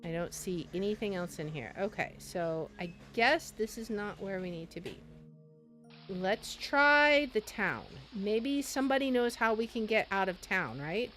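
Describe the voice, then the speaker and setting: A woman streamer chatting casually as she plays, thinking aloud in an unhurried way. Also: mid-range voice, animated, fairly bright tone, soft background music. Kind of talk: casual gameplay commentary.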